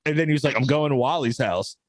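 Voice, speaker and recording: A young man co-hosting a podcast, telling family stories in a loose, animated way, acting out quotes and swearing casually. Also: mid-range voice, fast talker, no echo. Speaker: podcast co-host. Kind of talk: casual storytelling chat.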